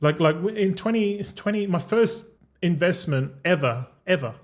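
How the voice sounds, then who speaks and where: A man's voice: sits high, expressive, moderate pace. Rambling, swearing Australian man. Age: 30s. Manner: rambling and profane, keeps saying bro. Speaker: gaming streamer. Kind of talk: casual livestream chat.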